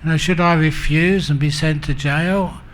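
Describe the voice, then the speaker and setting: A man's voice: on the high side, fairly even intonation, normal speed. A man giving a humorous Buddhist dharma talk as a monk teacher, telling stories and acting out the characters. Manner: humorous, self-mocking.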